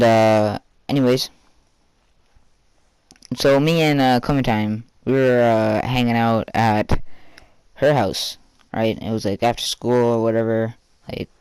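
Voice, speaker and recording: A man's voice: mid-range voice, darkish tone, clean tone, dry recording. A teenage boy telling a rambling personal story for a vlog, full of fillers and casual swearing.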